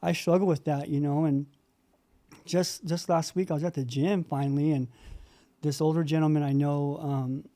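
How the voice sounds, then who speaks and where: A middle-aged man speaks in a heartfelt, rambling way, full of fillers and restarts. His voice is mellow and sits a little high for a man. He is on a video call. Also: steady tone, moderate pace. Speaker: meeting participant sharing.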